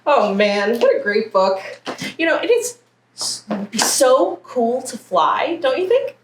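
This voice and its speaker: A woman's voice: on the high side, very animated, measured pace, distant mic. A woman librarian leading a story time, reading a picture book aloud and talking playfully to young children. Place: branch library. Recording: roomy echo, faint background hiss.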